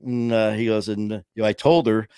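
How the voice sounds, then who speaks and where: Low-voiced man telling a story on a livestream. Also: a little fast, clear, resonant tone, no room sound, studio quality. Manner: animated, acts out quotes in a raised voice. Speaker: co-host of a livestream show. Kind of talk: casual storytelling chat.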